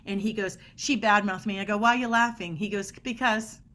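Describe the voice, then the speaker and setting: A woman's voice: medium pitch, fairly even intonation, brisk, pushed and bright. A middle-aged woman guest on a podcast interview, explaining body language in an emphatic way and acting out quoted dialogue.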